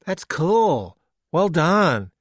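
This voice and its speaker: A man's voice: fairly high pitch, very animated, drawn-out words, no room sound, clean studio sound, pitched above the performer's own voice, full character voice. A man voicing a smug young male motel clerk who talks down with a grin. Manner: condescending, grinning.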